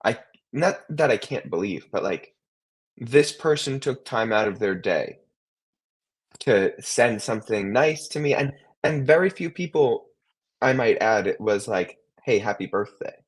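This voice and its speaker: A man's voice: medium pitch, expressive, measured pace, husky. A man in his twenties, co-hosting a podcast in casual chat, rambling with many restarts and fillers. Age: 20s. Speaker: co-host.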